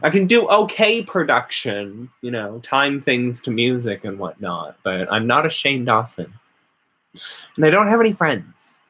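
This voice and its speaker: A man's voice: mid-range voice, big pitch swings, unhurried, bright, forceful tone. A man vlogging casually, rambling and sarcastic as he rants. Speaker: witchcraft vlogger. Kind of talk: casual ranting vlog.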